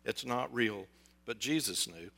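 A pastor preaching a sermon in a conversational, storytelling way, with jokes and asides. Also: male voice, mid-range voice, expressive, measured pace, gravelly, pushed and bright. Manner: acts out quoted voices.

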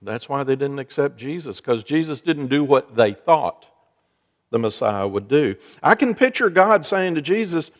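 A man's voice: mid-range voice, expressive, normal speed. A man, a pastor, giving a sermon in a chatty, storytelling way. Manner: conversational storytelling preacher. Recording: long church reverb.

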